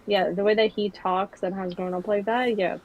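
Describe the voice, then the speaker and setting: A woman's voice: medium pitch, fairly even intonation, moderate pace, highs cut off. A young woman from New York, a guest in a casual chat, rambling with lots of fillers and restarts. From New York City. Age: young adult.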